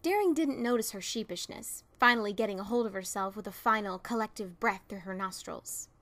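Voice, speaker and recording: A woman's voice: mid-range voice, a little fast. Woman reading a fan story aloud. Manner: expressive, voicing characters. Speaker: narrator. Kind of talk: fan fiction audiobook reading.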